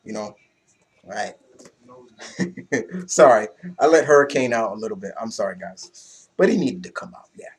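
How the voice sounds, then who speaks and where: A young man giving a casual, excitable comic book review, loose and swearing freely. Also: lowish voice, moderate pace, pauses often.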